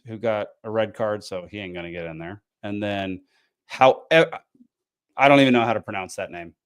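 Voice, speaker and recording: A man's voice: lowish voice, clean tone. Tired man rambling. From American South. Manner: rambling, frustrated, many ums and restarts. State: tired, yawning. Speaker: podcast host. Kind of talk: casual solo match recap.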